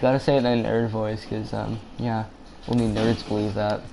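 A man's voice: fairly low pitch, flat delivery, moderate pace. A young man chatting loosely and joking with teammates as he streams a shooter game live. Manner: loose, joking, talks to teammates while playing. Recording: clear background game noise.

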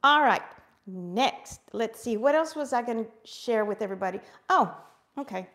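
Middle-aged woman, gravelly voice, fairly high, bubbly live craft chat. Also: expressive, normal speed, a bit bright. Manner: bubbly, gasping, talks to viewers as friends. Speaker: craft live-stream host.

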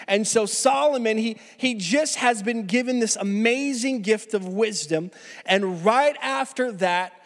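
A male pastor preaching a casual, animated sermon in a church, often restarting his phrases as he tells a story. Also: sits high, long reverb tail. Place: church sanctuary.

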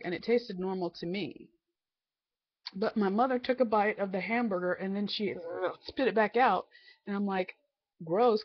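Woman ranting about her family on a vlog, mid-pitched, kinda muffled low-fi audio. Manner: exasperated, quotes family members in quick back-and-forth. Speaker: vlogger. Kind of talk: casual storytelling rant. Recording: slightly dull lo-fi home recording.

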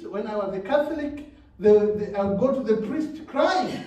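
A man's voice: sits high, animated, a little fast, mellow. A man preaching a sermon in a church, repeating words and laughing between phrases. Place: church hall. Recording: very echoey church hall, mic at a distance.

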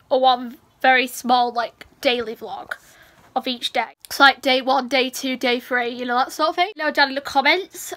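A woman's voice: high-pitched, pushed and bright. A young woman, chatting casually to camera as a vlogger, rambling with lots of restarts and a cough.

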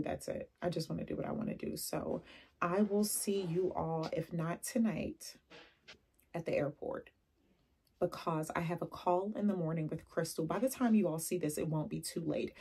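A young adult woman vlogging casually, telling animated stories with laughs and asides. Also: low-pitched, gravelly, slightly rough. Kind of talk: casual chatty vlog.

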